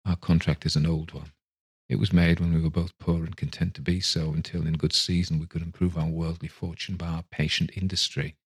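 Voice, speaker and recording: A man reads the part of a young woman speaking softly and with quiet steadiness, hurt but composed. The voice stays low and strikingly smooth, a storybook reading. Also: fairly quick. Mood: gently sorrowful. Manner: soft and gentle, steady. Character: gentle young woman releasing her sweetheart.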